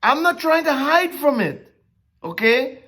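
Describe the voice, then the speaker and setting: A Bible teacher giving a conversational sermon, animated and repeatedly checking in with listeners. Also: high-pitched, measured pace. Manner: animated, keeps checking in with "okay?" and "right?".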